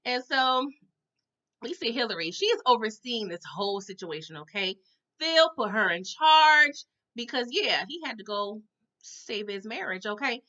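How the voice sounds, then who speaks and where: Taking her time, a lively woman recaps a TV episode with theatrical flair, her bright voice pitched a touch high and her lines dotted with "okay?" and "all right?". It's casual commentary captured on muffled, lo-fi audio.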